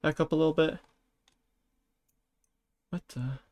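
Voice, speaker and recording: A man with a fairly high voice, streaming a game and reacting out loud. He talks in frantic, panicky bursts, full of swearing and stacked exclamations. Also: fairly even intonation, slow pace. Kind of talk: live gameplay reactions.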